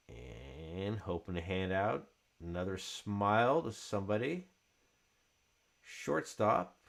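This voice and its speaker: Male card-break host, deep voice, laid-back slow delivery, chatty. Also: creaky. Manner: relaxed, chatty, calling out card names as he opens packs. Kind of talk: casual live card-break commentary.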